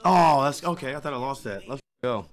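A man's voice: medium pitch, animated, a little fast. A man talking live to his stream viewers, swearing often and repeating his exclamations.

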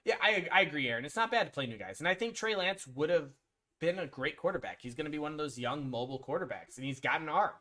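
On a live stream, a man rambles casually through sports picks, addressing viewers by name and offering blunt, mildly profane opinions with lots of ums and restarts. His slightly high voice is expressive, fast, bright, and forceful.

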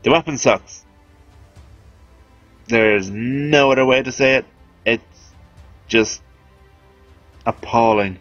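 A man's voice: mid-range voice, slow pace, long pauses, fairly bright tone, no echo, lo-fi sound, faint music behind. A man giving casual, chatty, self-amused commentary over a video game as he explains weapons. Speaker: game guide host.

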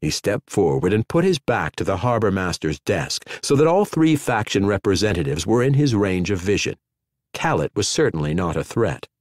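A man with a low voice narrates an audiobook from a script, telling the story expressively at a moderate pace. The studio recording is clean, with no room sound.

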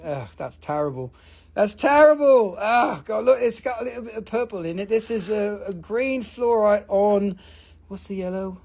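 A live-stream seller of rocks and crystals who talks in a casual, joking, profane and excitable way. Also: medium pitch, normal speed, breathy edge. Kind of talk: casual live sales chat.

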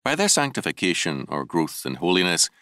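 A man narrating an audiobook of a theological text in a measured, deliberate reading, lifting key words for emphasis. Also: sits low, very animated, bright, forceful tone, clean tone, no echo, clean studio sound.

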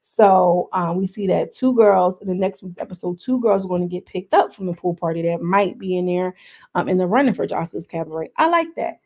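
A woman giving casual, slangy commentary as she recaps a reality show episode, full of animated asides. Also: lowish voice, brisk, creaky.

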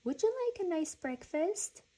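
A woman reading a storybook, voicing a patient mother who talks in a soft, coaxing way. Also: extremely high pitch, lively intonation, unhurried, pitched above the performer's own voice.

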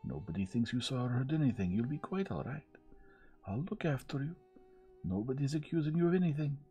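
A man's voice: medium pitch, animated, a little fast, dark tone, breathy edge, faint music behind, voice pushed up. A man voicing a young wealthy Englishman who soothes and brushes off a worried maid. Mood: soothing. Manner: soothing, dismissive.

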